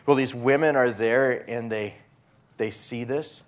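A man's voice: medium pitch, fairly even intonation, a little slow. A male pastor preaching a sermon in a conversational storytelling way, acting out the quotes.

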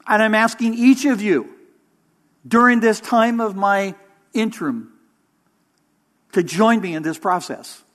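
A man preaching a sermon as interim pastor, measured and emphatic, with pauses for weight. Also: high-pitched, a bit bright.

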